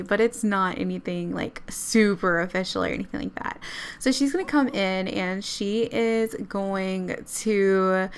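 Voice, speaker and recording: Giggly young woman narrating gameplay. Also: mid-range voice. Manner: giggly, chatty. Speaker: let's play YouTuber. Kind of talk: casual gameplay commentary.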